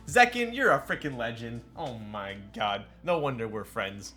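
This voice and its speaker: A man's voice: medium pitch, big pitch swings, unhurried, few pauses, sharp tone, faint music behind. A man streaming live while building a keyboard. He chats casually, jokes and answers his chat, laughing often. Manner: chatty and joking, replies to chat, laughs often.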